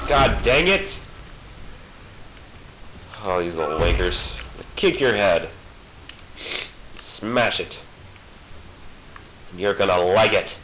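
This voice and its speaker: A man's voice: fairly low pitch, very animated, slow pace, long pauses. A man with a cold giving casual, sarcastic gameplay commentary and playfully taunting the enemies he fights. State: has a cold. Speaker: let's play gamer. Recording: dull lo-fi recording with faint hiss.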